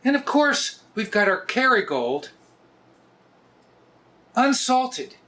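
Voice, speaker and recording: A man, hosting a casual cooking vlog in a joking, often loud way. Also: very high voice, sing-song, takes it slowly, background noise. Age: 60s. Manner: jokey, often laughs and raises his voice. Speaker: cooking video host.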